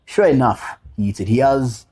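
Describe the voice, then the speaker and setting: A man's voice: medium pitch, normal speed, darkish tone, breathy edge. A man speaking as a podcast guest, telling his story as a father in a heartfelt way, repeating key phrases and mixing casual slang with earnest reflection. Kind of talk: personal storytelling in a podcast interview.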